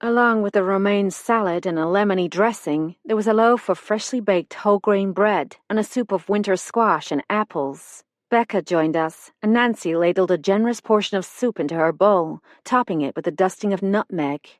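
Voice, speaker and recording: A woman narrating a mystery audiobook in an even, measured voice from a close studio mic. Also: mid-range voice, no echo. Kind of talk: scripted narration.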